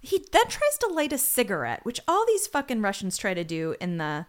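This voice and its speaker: Her voice sits mid-range but swings hugely in pitch. As a podcast co-host giving a casual comedic recap of an episode, she's sarcastic and sweary, slipping into quick voices to act out the characters.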